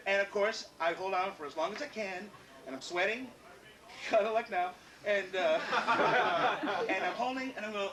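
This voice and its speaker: Brief: profane, self-mocking male stand-up storyteller, highish voice, echoey room, crowd. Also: moderate pace, recorded from a distance. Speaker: comedian.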